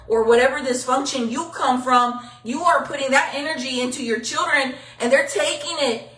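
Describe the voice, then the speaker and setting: A woman's voice: fairly high pitch, fairly bright tone. A middle-aged woman, speaking bluntly and from the heart in a casual livestream, swearing freely. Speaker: local news livestreamer. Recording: echoey, from a distance.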